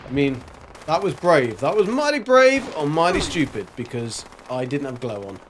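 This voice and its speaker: A man's voice: a little high, sing-song, moderate pace, slight background noise. A man streaming a video game, chatting casually and rambling with jokes and silly sound effects. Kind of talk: casual gameplay commentary.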